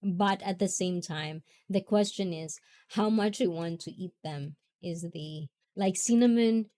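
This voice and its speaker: Giggly, slow-talking woman. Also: lowish voice, dark tone. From half Japanese, half Filipina. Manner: giggly, chatty, often laughing. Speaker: livestream host. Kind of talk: casual livestream chat reading comments.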